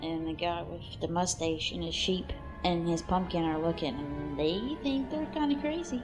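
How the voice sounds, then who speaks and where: Over soft background music, a woman whose voice sits on the low side, speaking a little slowly, delivers a casual, crude and comic running commentary on a cartoon, offhand at times and breaking into excited exclamations.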